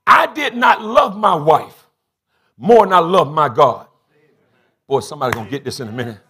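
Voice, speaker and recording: A middle-aged man, preaching a sermon as bishop in a church, swinging from low confiding talk to shouted bursts. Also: expressive, normal speed, husky. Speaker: bishop and pastor. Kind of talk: call-and-response sermon. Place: church sanctuary.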